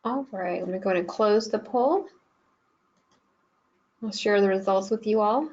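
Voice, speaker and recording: A woman's voice: medium pitch, normal speed, a little mellow. A woman moderating an online training webinar, reading poll results in a friendly, matter-of-fact way. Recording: slightly muffled online audio.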